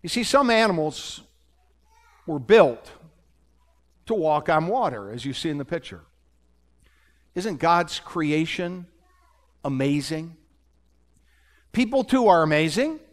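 A high-pitched man preaching to his congregation in a church. He tells the story like a storyteller and keeps dropping in wry jokes and questions to the listeners. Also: sing-song, slow pace, long pauses. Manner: storytelling with humorous asides. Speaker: pastor. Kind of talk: sermon. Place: church sanctuary.

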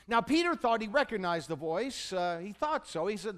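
A man's voice: high-pitched, lively intonation, moderate pace, fairly bright tone. A male pastor preaching a sermon in a church, retelling a story with humorous asides and questions to the congregation. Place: church sanctuary.

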